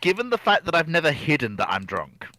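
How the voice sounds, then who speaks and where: Lively man protesting his innocence. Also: a little high, fairly quick. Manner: protesting, defensive. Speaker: player. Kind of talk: casual game chat.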